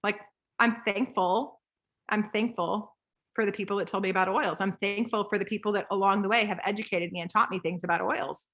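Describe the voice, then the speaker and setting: A woman in her thirties coaching a group call, lively and rambling, acting out voices as she talks. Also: medium pitch, fairly quick, dull audio.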